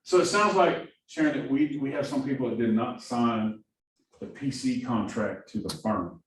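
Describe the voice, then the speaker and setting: Heard from a distance in an echoey room with faint hiss, a man coaches new agents in a classroom training talk. He's a productivity coach from Missouri with a Southern accent who speaks energetically, keeps asking "right?", and uses a medium pitch at a moderate pace.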